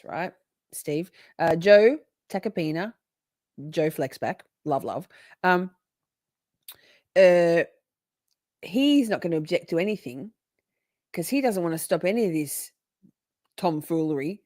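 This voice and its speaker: A woman's voice: lowish voice, a little mellow, no echo. A woman hosting a livestream, chatting casually in a rambling, playful way and swearing often. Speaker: livestream host.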